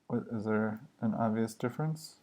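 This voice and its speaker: A man live coding on a stream, thinking aloud in a musing, halting way and questioning himself as he works. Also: on the low side, a little mellow. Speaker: livestream coder.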